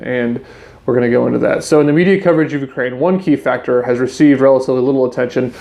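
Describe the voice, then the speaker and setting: Gravelly male podcast host. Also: mid-range voice, darkish tone. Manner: conversational, restarts and fillers, speaks to listeners as guys. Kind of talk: casual news commentary and reading articles aloud.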